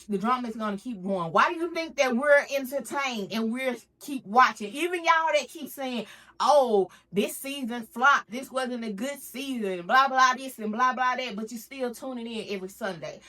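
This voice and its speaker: Woman doing a chatty tv recap, bright voice, acts out everybody's lines. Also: fairly high pitch. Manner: animated, acts out the cast's lines with big swings in voice. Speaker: recap vlogger. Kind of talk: casual TV recap chat.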